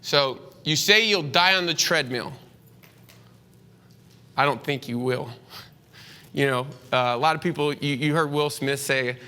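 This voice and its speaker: A man's voice: on the high side, measured pace, long pauses, sharp tone. A man giving a casual talk to a room of real estate agents, rambling with many fillers and restarts, candid and chatty. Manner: chatty and candid, slips into slang.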